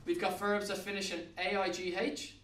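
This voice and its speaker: An Irish man with a high voice teaches a grammar lesson, spelling words out letter by letter and coaxing his students to keep up. He sounds a little distant from the mic. The classroom gives his voice a roomy echo. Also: flat delivery, normal speed, a bit bright, slight background noise. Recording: echoey room, mic at a distance.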